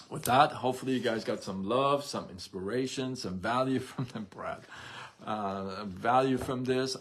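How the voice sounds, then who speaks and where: Chatty motivational man, lowish voice. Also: husky. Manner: animated, rambling with restarts, addresses chat viewers. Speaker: live stream host. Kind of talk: casual motivational live stream.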